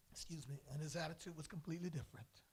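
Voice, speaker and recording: A man preaching a sermon as pastor in a church, swinging from soft lines to loud, drawn-out calls. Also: fairly high pitch, breathy edge. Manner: preaching with sudden loud swells and drawn-out words. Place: church sanctuary.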